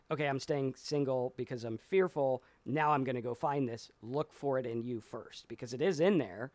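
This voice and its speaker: A man's voice: medium pitch, moderate pace, darkish tone, no echo. A man co-hosting a casual live talk, reading viewer comments and telling stories at length. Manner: rambling storyteller, acts out voices. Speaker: podcast co-host.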